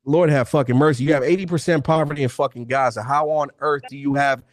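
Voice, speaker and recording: This debate-stream host talks fast in a mid-range voice with fairly even intonation, and there's no room sound. Running a heated, casual live debate, he is blunt and profane and presses on through interruptions.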